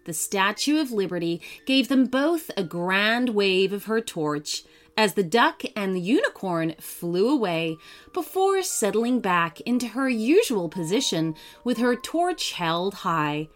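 A woman narrating a children's bedtime story gently, putting on voices for the characters. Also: medium pitch, big pitch swings, measured pace. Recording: faint music behind.

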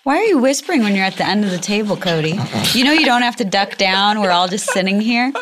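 A woman guest telling stories in a playful, deadpan way during a casual podcast chat. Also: medium pitch, quick pace, noisy background.

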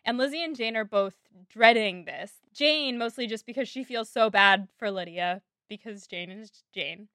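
A woman's voice: on the high side, moderate pace, few pauses, a bit bright, dry recording, studio quality. A young woman co-hosting a podcast, recapping a novel in casual chat with a giggly, blunt manner. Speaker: podcast co-host. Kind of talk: casual book-discussion chat.

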